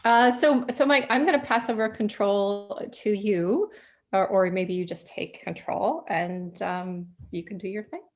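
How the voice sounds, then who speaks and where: A woman's voice: medium pitch, animated, a little slow. A woman hosting a webinar, chatting casually and in a friendly way with the guest speaker before handing over. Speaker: webinar host.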